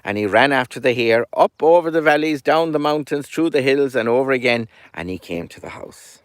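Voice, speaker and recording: A man with an Irish accent telling a folk tale as a storyteller, lively and animated, dropping his voice at times. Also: medium pitch, fairly quick, no room sound, studio quality.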